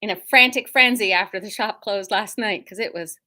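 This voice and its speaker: A woman's voice: mid-range voice, a little fast, pushed and bright. A middle-aged woman, hosting a casual livestream from her quilt shop, joking and self-deprecating as she rambles.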